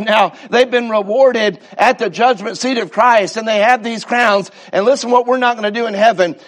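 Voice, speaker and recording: High-voiced fervent male preacher. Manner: fervent preaching, slow drawn-out repetitions, stammering restarts. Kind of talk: sermon.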